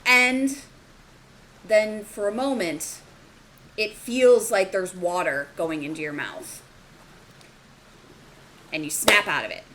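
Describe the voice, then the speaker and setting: Game master, woman, mid-pitched, measured descriptive narration. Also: a bit bright, slight background noise, rough recording.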